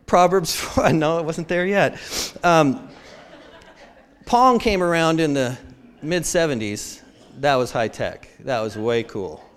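Preacher, man in his 50s, a touch high-pitched, animated storyteller who acts out the voices in his anecdotes and pokes fun at himself. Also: slow, clean tone. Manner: animated storytelling, acting out quotes; self-deprecating humor. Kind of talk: sermon.

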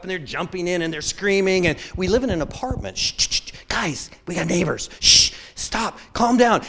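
Preacher, man in his 50s, a touch high-pitched, animated storyteller who acts out the voices in his anecdotes and pokes fun at himself. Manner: animated storytelling, acting out quotes; self-deprecating humor. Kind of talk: sermon.

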